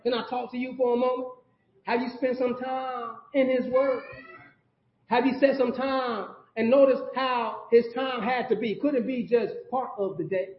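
A man, stacking emphatic repeated phrases and calling out to the congregation. The sound is dull and lo-fi, with the boomy echo of a church sanctuary. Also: little pitch movement, moderate pace. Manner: preaching with call-and-response asides to the congregation. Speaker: pastor. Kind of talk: sermon.

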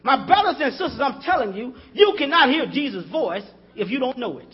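A man's voice: extremely high pitch, very animated, brisk, slightly rough, highs cut off. A man preaching a sermon in a conversational style, calling out to the congregation and chuckling as he talks.

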